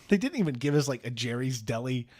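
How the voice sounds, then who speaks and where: A man's voice: mid-range voice, expressive, brisk, darkish tone. A young man co-hosting a podcast in casual chat, full of dry, sarcastic jokes. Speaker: podcast co-host.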